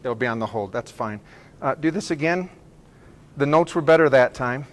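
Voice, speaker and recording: A man leading a school band rehearsal, giving brisk, encouraging directions, counting off and singing phrases to show how they should sound. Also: medium pitch, expressive. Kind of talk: ensemble rehearsal instruction.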